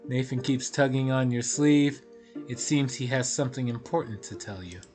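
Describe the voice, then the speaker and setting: A man's voice: medium pitch, normal speed, music in the background. A man streaming a story game, reading the narration aloud with offhand asides.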